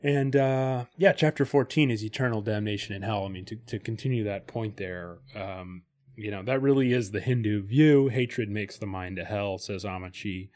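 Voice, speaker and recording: A male podcast host in easygoing conversation. He talks at length in a fairly low voice, full of "um"s and restarts. Now and then he slips into reading a passage aloud. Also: normal speed, darkish tone. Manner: talkative, many fillers and restarts, reads passages aloud. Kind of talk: casual chat about spirituality.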